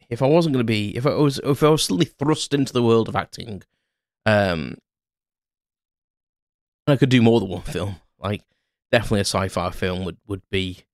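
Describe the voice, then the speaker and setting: A man's voice: fairly low pitch, dry recording, clean studio sound. A man hosting a podcast, rambling in a casual solo monologue with lots of fillers and self-mocking asides. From Ireland. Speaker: podcast host.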